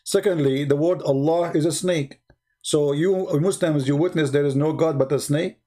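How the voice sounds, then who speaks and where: A man's voice: a little high, normal speed, mellow. A man in an online debate, mocking and persistent, repeating his questions.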